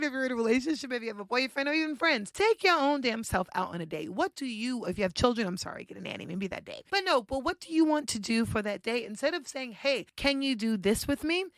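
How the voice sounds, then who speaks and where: A young woman talks straight to her listeners in a loose, animated monologue, swearing freely and stretching out the words she wants to land. Her voice sits a bit high. The sound is close and dry, with no room around it. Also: no echo. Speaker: podcast host. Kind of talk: casual self-help monologue.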